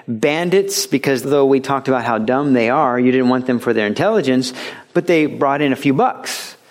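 A middle-aged man preaching a sermon as a pastor, talking conversationally and stressing points emphatically. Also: medium pitch.

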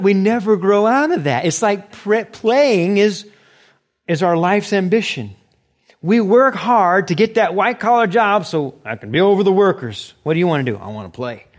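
A middle-aged man preaching a sermon as pastor, animated, sometimes acting out short quoted exchanges. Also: fairly high pitch.

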